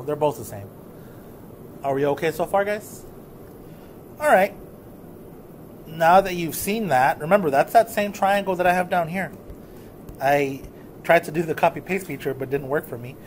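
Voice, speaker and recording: A male math teacher giving a recorded lesson in a casual, relaxed way, often checking in with the class. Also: fairly high pitch, slight background noise. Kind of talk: recorded lesson walking through notes.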